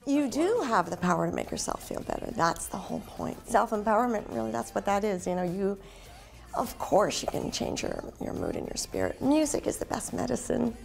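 Woman from canada, singer in an interview, bubbly chat, kinda gravelly, faint music behind. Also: mid-range voice, big pitch swings, fairly quick. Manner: upbeat, chatty, with frequent "you know".

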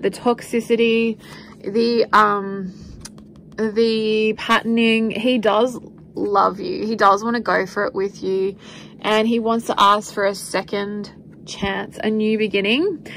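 A woman's voice: a little high, a little hiss or hum, poor audio. A woman giving a spiritual tarot reading, talking in a meandering, repetitive, earnest way with light laughs. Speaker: tarot reader.

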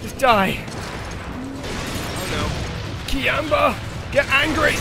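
A man giving let's play commentary, excitable and yelping in panic between dry asides. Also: high voice, normal speed, long pauses. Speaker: gaming channel host. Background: game music.

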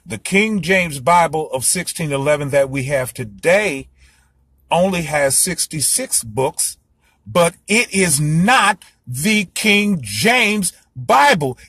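Fiery, high-voiced ranting man. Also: expressive, slow pace, a bit bright, slightly rough, dry recording. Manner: fiery, profane, preachy ranting. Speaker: host lecturing his audience. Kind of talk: heated solo monologue.

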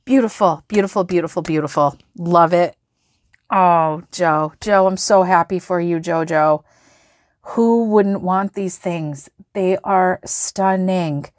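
Gushing woman in a slow flip-through. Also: lowish voice, no echo, clean studio sound. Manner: gushing, gasps and exclaims over items. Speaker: planner and sticker vlogger. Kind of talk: excited product flip-through.

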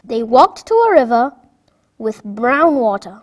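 A woman narrating a children's story in a clear, expressive read-aloud voice. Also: on the high side, measured pace.

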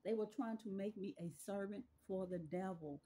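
A woman's voice: medium pitch, normal speed, dark tone, breathy edge. A woman from talking casually to her viewers about her faith, chatty and repetitive, calling them y'all. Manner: chatty, repeats herself, addresses viewers as y'all. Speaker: faith video host. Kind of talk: casual spiritual testimony to viewers.

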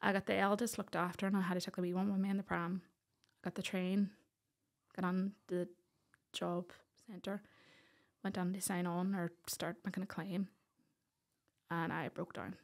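A Northern Irish woman in her thirties, a podcast guest telling a personal story in an animated way and acting out the voices of the people in it. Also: fairly low pitch, moderate pace, gravelly. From Northern Ireland.

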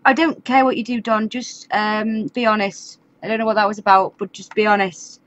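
A woman's voice: mid-range voice, fairly even intonation, normal speed, fairly bright tone, muffled recording. A woman giving casual, chatty commentary over a life-sim game, often exasperated and laughing. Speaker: gaming YouTuber. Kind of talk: casual let's-play commentary.

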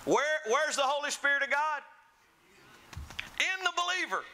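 High, bright preacher. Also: male voice, big pitch swings, normal speed, pauses often, rough recording. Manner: storytelling preacher, acts out quoted voices with big swings. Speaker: pastor. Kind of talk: sermon.

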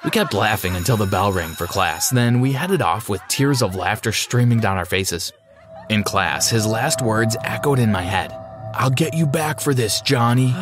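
A man narrating a dramatic first-person story in an expressive storytime style. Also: fairly low pitch.

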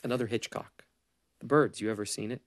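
A man voicing a quiet, laconic young soldier. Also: mid-range voice, fairly even intonation, a little fast, lightly acted. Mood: subdued. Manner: subdued, laconic.

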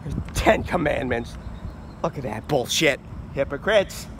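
A man's voice: on the high side, sing-song, normal speed, background noise. A man giving a comedic product review monologue in a goofy, rambling way, jumping between silly voices.

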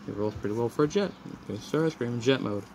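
A man's voice: mid-range voice, a little fast, a little mellow. A man doing a casual, rambling toy review at home, apologetic and frustrated. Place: room in a house. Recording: noisy home recording.

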